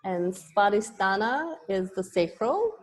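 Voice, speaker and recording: A woman's voice: medium pitch, sing-song, takes it slowly. A woman yoga teacher giving an online lesson, explaining terms patiently with small restarts.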